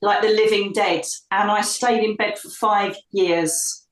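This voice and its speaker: A middle-aged woman from the UK, a psychic medium telling her life story in an interview, lively and acting out the voices of others. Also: medium pitch, measured pace. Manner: animated storyteller, acts out quoted voices. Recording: echoey room, distant from mic.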